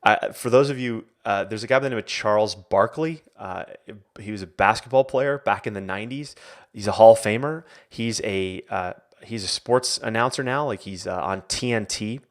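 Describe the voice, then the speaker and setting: Speaking at a moderate pace with a lowish voice, a man coaches and hosts a live online Q&A. The delivery is casual and meandering, with frequent fillers and restarts and lively, animated quotes.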